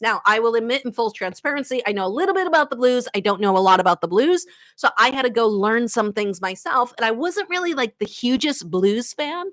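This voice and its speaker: Woman, Boston accent, guitar teacher, chatty live-stream Q&A, bright, fairly high voice. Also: quick pace. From Boston area, USA. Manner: chatty, animated, laughs often.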